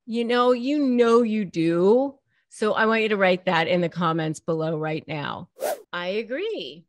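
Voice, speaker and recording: A woman's voice: fairly low pitch, no echo, studio quality. A woman attorney and channel host giving direct advice to camera, emphatic and repeating key phrases for stress.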